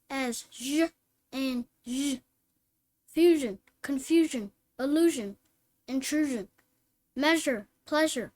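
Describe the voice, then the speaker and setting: Slowly and clearly, like a reading teacher, a woman reads phonics word lists and practice sentences aloud one word at a time. Her voice is high-pitched with a darkish tone.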